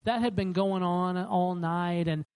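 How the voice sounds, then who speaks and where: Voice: mid-range voice, a little slow, smooth, poor audio. A pastor preaching a sermon in a conversational way, acting out the voices of the people in the stories. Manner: animated, acts out the voices of the people it quotes; conversational, with frequent restarts.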